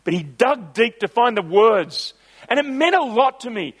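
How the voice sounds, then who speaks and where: A middle-aged man, preaching a sermon with personal stories and slowing down hard on key lines. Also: very high-pitched, animated, breathy edge. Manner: builds to emphatic, slowed phrases on key lines.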